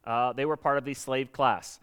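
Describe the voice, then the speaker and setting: A man's voice: medium pitch, steady tone, normal speed, a bit bright, clean tone. Conversational man preaching a sermon. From United States. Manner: conversational, acts out quoted voices. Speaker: pastor.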